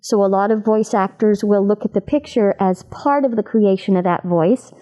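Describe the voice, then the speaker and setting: Mellow-voiced woman voice actor. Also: medium pitch, moderate pace. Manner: animated, demonstrates voices while explaining. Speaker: voice actor being interviewed. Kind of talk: convention interview chat.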